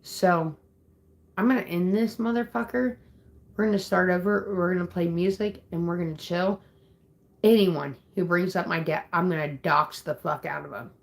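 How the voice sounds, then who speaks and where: A woman's voice: on the low side, steady tone, moderate pace, creaky. A woman ranting angrily at her viewers on a livestream, upset and swearing, threatening people in the chat. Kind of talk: angry livestream rant.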